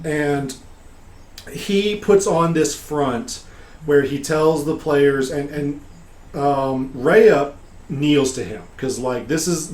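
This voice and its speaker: A man recapping a tabletop game session as its game master, telling the story casually with frequent pauses and fillers. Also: medium pitch, a little mellow.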